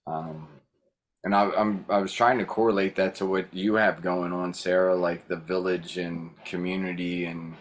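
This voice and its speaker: A man's voice: low voice, little pitch movement, moderate pace. A man chatting casually on a video call, rambling and hesitant with frequent restarts. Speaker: workshop host.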